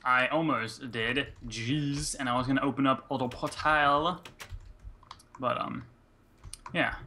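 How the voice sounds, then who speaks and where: A man's voice: medium pitch, fairly even intonation, a little slow, pushed and bright. A man co-hosting a video game let's play, chatting casually and teasing his partner, then signing off the episode. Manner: joking, teasing, wraps up the episode. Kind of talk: casual gameplay chat.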